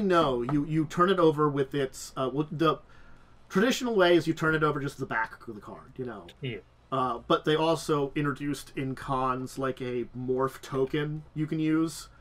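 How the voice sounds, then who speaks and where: A man's voice: mid-range voice, a bit bright. A man hosting a casual tabletop gaming talk show, rambling with lots of restarts and fillers while sick and tired. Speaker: podcast host. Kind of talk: casual chat.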